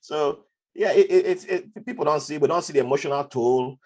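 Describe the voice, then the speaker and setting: A man, a podcast guest telling stories from his life in a lively conversational way and slipping into other people's voices. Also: on the high side, brisk. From Nigeria. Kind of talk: conversational storytelling.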